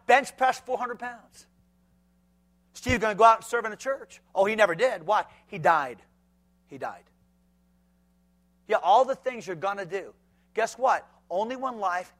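A man preaching as pastor to a youth group, shouting one moment and dropping to a hush the next, firing rhetorical questions at his listeners. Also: high voice. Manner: swings between shouting and hushed near-whispers; asks the audience rapid rhetorical questions.

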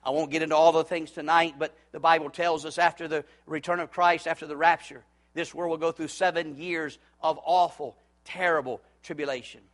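A male preacher delivers an urgent sermon in a slightly high voice. He rises to shouting warnings, then sinks to a low, hushed plea. His delivery is earnest and insistent throughout. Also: fairly even intonation, a little fast, hardly any pauses. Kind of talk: evangelistic sermon.

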